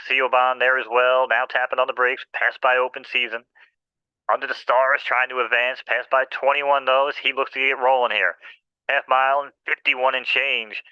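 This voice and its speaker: Bright, crisp man calling a race. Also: medium pitch, dry recording, lo-fi sound. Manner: rapid, playful, rhythmic race calling. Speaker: horse race caller. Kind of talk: race commentary.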